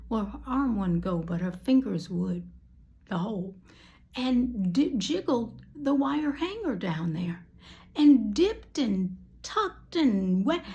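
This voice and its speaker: A woman preacher shares a personal testimony in a slow, storytelling delivery. Her voice is low-toned and gravelly with a mellow darkness, and she often drops to a hushed whisper at the emotional points.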